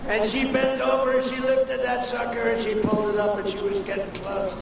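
A man's voice: very high voice, level tone, fairly quick, gravelly. A man giving a rambling political speech, acting out the voices he quotes. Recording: echoey hall from far off, noisy.

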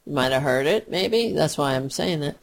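A woman's voice: low voice, expressive, normal speed, creaky. A woman filling in as a radio talk show host, delivering a heated, sarcastic and profane political monologue.

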